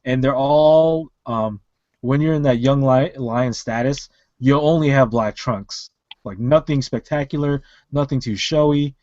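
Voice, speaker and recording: A man's voice: mid-range voice, measured pace, darkish tone, no room sound, highs cut off. A man co-hosting a casual wrestling podcast over an online call, rambling with many fillers and restarts. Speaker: podcast co-host.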